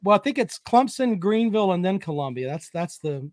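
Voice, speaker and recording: A man's voice: high-pitched, very animated, fairly quick, darkish tone, no echo, studio quality. A man hosting a casual sports chat show, reading viewer comments and joking with profanity and trash talk.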